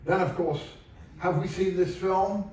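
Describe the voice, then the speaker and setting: In a big shipboard theatre, captured from far back amid echo, an English lecturer offers dry, wry humor to his audience. He has a high voice with a darkish tone and an unhurried delivery.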